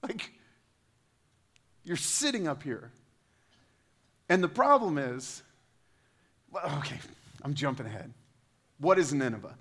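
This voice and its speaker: A man preaching a sermon to a congregation in a lively, conversational way, getting louder and higher when he quotes scripture and dropping into casual asides. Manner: animated, rises in pitch and volume when quoting scripture. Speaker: pastor.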